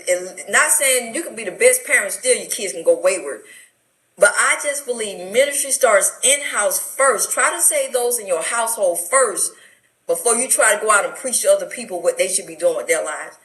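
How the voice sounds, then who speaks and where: A woman's voice: mid-range voice, moderate pace, a bit bright, reverberant, low-quality recording. A middle-aged woman with an Atlanta accent, telling her life story with emotional, preacherly fervor as a talk show guest. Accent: Atlanta, Southern US. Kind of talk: testimony in a radio talk show interview.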